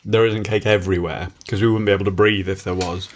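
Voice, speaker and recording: A man's voice: low-pitched, steady tone, quick pace, slight background noise. A man hosting a podcast at home, rambling and joking, laughing often while eating at the table. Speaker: podcast host. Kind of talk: casual chat.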